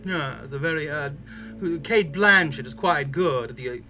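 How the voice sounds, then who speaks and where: A man's voice: fairly high pitch, measured pace, pushed and bright. A man chatting casually on a stream, rambling with many fillers and restarts. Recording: music playing behind.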